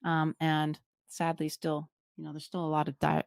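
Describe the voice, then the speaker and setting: Low-voiced woman chatting informatively. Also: completely flat delivery, normal speed, vocal fry, no echo, clean studio sound. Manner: informative, chatty, with filler words. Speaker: podcast co-host. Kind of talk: casual chat over drinks.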